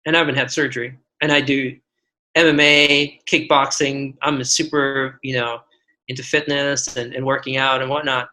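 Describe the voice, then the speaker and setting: A man's voice: mid-range voice, level tone, moderate pace, pushed and bright, low-quality recording. A man in his forties, a physician guest on a podcast, telling personal stories earnestly with frequent restarts. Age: 40s. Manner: earnest, storytelling with many restarts. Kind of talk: podcast interview.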